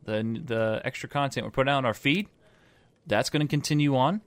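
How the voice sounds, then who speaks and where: An excitable man co-hosts a podcast in a casual, joking way and laughs easily. His voice sits in a middle range for a man, and the recording is dry and close with almost no room sound. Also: medium pitch, a little fast, no echo. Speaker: podcast co-host. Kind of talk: casual chat.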